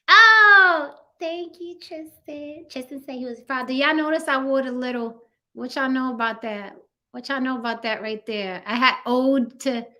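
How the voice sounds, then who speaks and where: Woman, young adult, livestream host, bright tone, slightly high voice, slangy and teasing, reads chat aloud. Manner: chatty and laughing, reads out viewer comments. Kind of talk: casual livestream sign-off, talking to chat.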